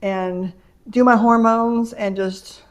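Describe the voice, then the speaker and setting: A woman's voice: fairly high pitch, fairly even intonation, takes it slowly. Chatty middle-aged woman vlogger. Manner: chatty, rambling storytelling with laughs. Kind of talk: casual haul vlog chat. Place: home. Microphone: camera mic.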